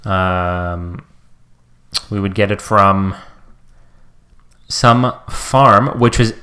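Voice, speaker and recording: A young man chatting on a podcast, joking around with animated, exaggerated rants. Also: low voice, very slow. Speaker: podcast co-host. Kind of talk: casual chat.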